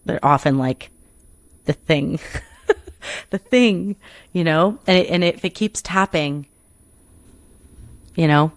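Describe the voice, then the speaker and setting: A woman's voice: fairly low pitch, slow, long pauses, no room sound. A woman who performs and coaches, talking earnestly in an interview, rambling a little and restarting her sentences often. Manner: earnest, rambling with many restarts and "you know". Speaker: performer and coach, podcast guest. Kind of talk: reflective interview conversation.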